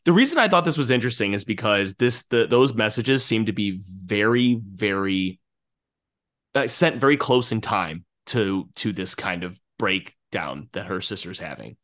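A man's voice: lowish voice, expressive, normal speed, fairly bright tone. A man co-hosting a podcast, talking casually and animatedly about a film, laughing often and restarting his sentences. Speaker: podcast co-host.

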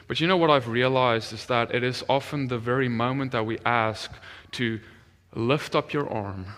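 Bright-voiced male minister in an echoing hall. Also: mid-range voice. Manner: animated storytelling, dropping to a hush when retelling prayers. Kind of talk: testimony sermon.

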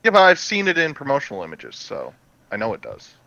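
A man's voice: medium pitch, huge pitch swings, fast, vocal fry, sharp tone, no room sound, muffled recording. A man chatting casually as co-host, insistent in his points. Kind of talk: casual chat.

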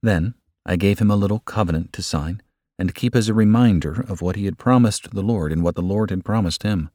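Low male narrator, earnest and measured, dry close sound. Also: warm tone, no room sound. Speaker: audiobook narrator. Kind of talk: scripted narration of a religious book.

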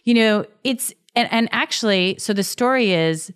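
A middle-aged woman, an author and interview guest, explaining at length in an animated way, often restarting her sentences. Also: fairly high pitch, moderate pace, clean tone. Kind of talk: conversational interview.

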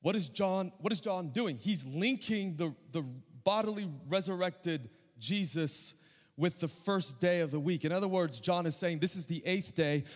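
A man's voice: sits high, a little slow. A male pastor preaching an emphatic sermon, asking his congregation rhetorical questions. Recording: long hall reverb.

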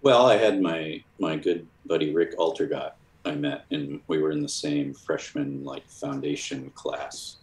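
A man from Chicago with a deep, low voice tells stories in a loose, rambling way, full of fillers and restarts. He is a guest in a casual interview. The recording has a roomy echo. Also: fairly even intonation, unhurried, hardly any pauses, a little mellow. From Chicago, USA. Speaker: cartoonist guest. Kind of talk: casual storytelling.

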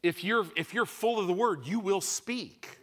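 A man preaching a sermon to a congregation, moving between loud, emphatic bursts and quiet, measured asides. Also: high voice.

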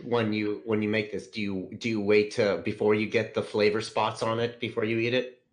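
A man's voice: on the low side, little pitch movement, fairly quick. A man hosting a casual podcast, joking around and reading out listener questions. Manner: jokey, reads listener questions aloud. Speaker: podcast host. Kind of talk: casual chat.

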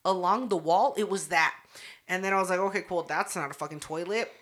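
A woman's voice: fairly low pitch, a little fast. A woman co-hosting a podcast, telling a story in casual chat, swearing a lot, laughing often and acting out what people said. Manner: profane, animated, laughs often, acts out quotes. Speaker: podcast co-host.

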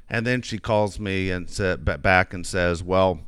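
A man's voice: low voice, measured pace, a bit bright, smooth, no room sound. A middle-aged man telling a long coaching story in casual chat, rambling with many restarts. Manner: rambling anecdotes with frequent restarts. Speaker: youth baseball coach.

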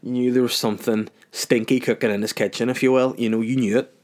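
A man's voice: mid-range voice, flat delivery, quick pace, a little mellow. A man in his thirties with a Northern Irish accent, ranting casually on his solo podcast, profane and rambling. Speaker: podcast host.

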